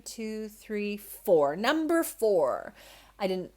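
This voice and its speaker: A young woman hosts her own spiritual podcast, speaking alone to her listeners. She talks in a relaxed, reassuring way, circling her points with easy fillers and asides. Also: medium pitch, normal speed. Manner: warm, reassuring, conversational with many fillers. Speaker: podcast host. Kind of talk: solo spiritual podcast talk.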